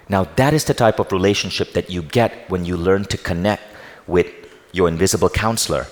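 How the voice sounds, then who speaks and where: A man giving a storytelling talk on meditation to a live audience, animated and acting out dialogue. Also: fairly low pitch, normal speed, a faint crowd. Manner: animated, acts out quoted dialogue. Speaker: speaker teaching meditation. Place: large hall with live audience. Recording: reverberant hall.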